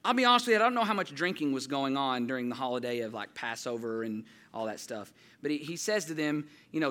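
A man's voice: fairly quick, hardly any pauses. A man preaching a casual, story-driven sermon, talking to the congregation like friends and putting on children's voices in his anecdotes. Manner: animated storytelling, jumps higher and louder when quoting children. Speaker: pastor. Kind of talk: conversational sermon with stories.

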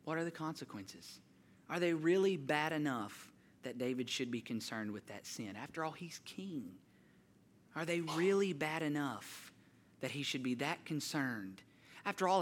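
A man's voice: on the high side, a little hiss or hum. A man preaching a sermon, telling personal stories and building to impassioned rhetorical questions. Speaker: pastor.

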